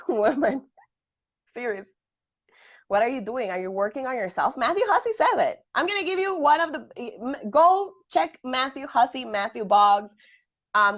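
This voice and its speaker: Woman, live stream co-host, casual motivational chat, emphatic questions, middle pitch, dull lo-fi sound. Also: fairly bright tone, no room sound. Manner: emphatic, asks the audience pointed questions.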